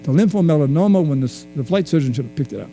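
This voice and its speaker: A man from Hawaii giving a talk, telling a personal story in a reflective, halting way with many restarts. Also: on the high side, lively intonation, dark tone, slight background noise, low-quality recording. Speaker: speaker. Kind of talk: storytelling lecture.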